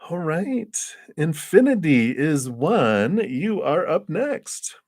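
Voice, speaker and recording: A man's voice: fairly high pitch, big pitch swings, takes it slowly, a little mellow. A man giving tarot readings on a live stream, chatty and thinking aloud, laughing often between thoughts. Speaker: tarot reader.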